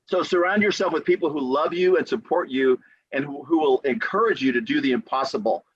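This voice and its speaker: A man's voice: fairly high pitch, fairly quick, husky, no echo. Dry, slightly muffled male attorney talking. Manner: animated storyteller who acts out quotes; repeats key phrases for emphasis. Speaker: real estate attorney. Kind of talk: motivational podcast talk.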